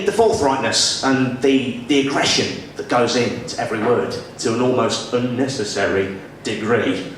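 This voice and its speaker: Young northern English stand-up, animated delivery, distant booming club recording, audience noise. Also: male voice, moderate pace, hardly any pauses, very echoey. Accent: generic northern English. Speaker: stand-up comedian. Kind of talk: stand-up set. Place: small comedy club stage. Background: audience laughter and room noise.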